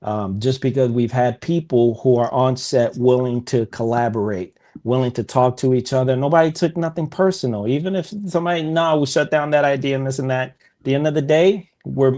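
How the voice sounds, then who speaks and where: A man as a podcast guest in a casual interview, a relaxed storyteller who speaks bluntly and laughs at himself. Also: mid-range voice, moderate pace, hardly any pauses. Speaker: podcast guest, filmmaker and veteran.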